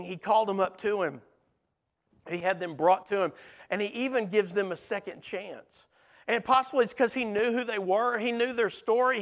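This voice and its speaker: Man, preacher, sermon, earnest, rhetorical questions, high voice. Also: a bit bright.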